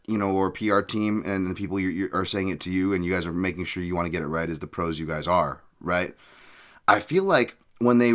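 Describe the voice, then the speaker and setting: A man's voice: on the low side, fairly bright tone. A man hosting a podcast, rambling casually with jokes and profane asides. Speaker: podcast host.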